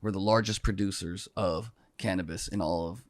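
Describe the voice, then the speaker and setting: A male podcast host with a lowish voice talks in an easygoing, casual way, padding his questions with fillers. The sound is dry and close, with no echo. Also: moderate pace. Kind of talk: podcast interview.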